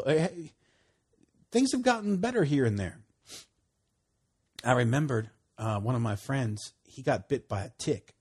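A man's voice: mid-range voice, lively intonation, normal speed, pauses often, darkish tone, breathy edge. A man preaching a casual sermon in a folksy, storytelling manner with emphatic repeats.

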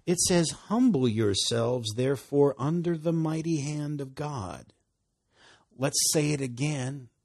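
A man preaching a sermon, reading scripture, laughing often and dropping to soft asides. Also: fairly high pitch, slow pace, breathy edge.

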